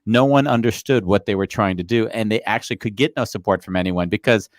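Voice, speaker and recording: A male podcast host talks quickly and eagerly, scattering "like" through his sentences. His voice is fairly low, and the sound is dry and close with no room echo. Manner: quick, eager talker with many "like"s. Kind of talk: casual chat.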